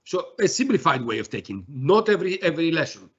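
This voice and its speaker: A man presenting a software demo in a webinar, talking haltingly with many fillers and restarts. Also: a little high, big pitch swings, breathy edge, lo-fi sound.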